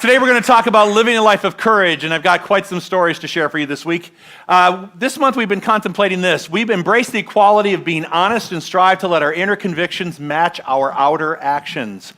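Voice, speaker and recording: A woman's voice: on the low side, a little fast, fairly bright tone, some chatter behind. A woman minister giving a conversational Sunday sermon, asking the congregation questions and leading them in recitations. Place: church sanctuary.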